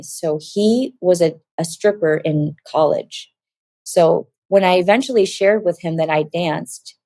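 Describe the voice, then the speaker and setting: A woman with a warm, low voice tells her personal story as a guest giving a testimony. She's animated, acting out dialogue in quoted voices, and the recording is dry.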